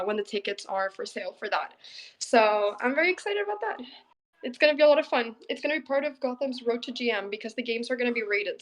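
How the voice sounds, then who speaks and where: Young woman, high voice, chatty chess streamer, laughs a lot. Casual live-stream talk. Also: rough recording. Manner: chatty, laughs often, thanks viewers.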